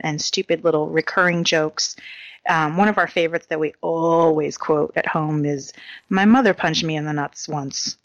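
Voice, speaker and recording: A woman's voice: low voice, a bit bright, no echo, lo-fi sound. A woman co-hosting a casual talk show, chatting in a giggly way about silly comedies. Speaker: podcast co-host.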